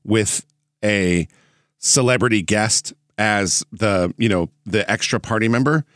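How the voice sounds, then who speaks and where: A man hosting a casual podcast interview, relaxed and sprinkling in "uh" as he talks. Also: on the low side, measured pace, dry recording, clean studio sound. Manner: relaxed, uses filler "uh" often. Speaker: podcast host.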